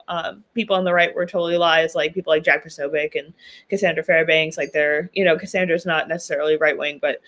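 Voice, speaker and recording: A woman's voice: fairly low pitch, fairly bright tone. A young woman from New York, a podcast guest chatting casually with many ums and likes, laughing often. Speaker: podcast guest, political commentator. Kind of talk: casual interview chat.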